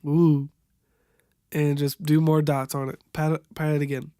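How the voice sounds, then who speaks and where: A young man improvising a makeup tutorial voiceover, halting and stumbling over product names, wryly amused by what he sees. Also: on the high side, level tone, warm tone, smooth, dry recording, studio quality. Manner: wry, amused at the footage. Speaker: voiceover narrator.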